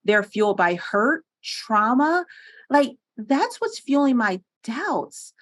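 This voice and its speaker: A woman from Pennsylvania, a guest on a podcast interview, telling stories in an animated, earnest way with frequent laughs, recorded on a studio microphone. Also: on the high side, slow pace. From Pennsylvania, USA.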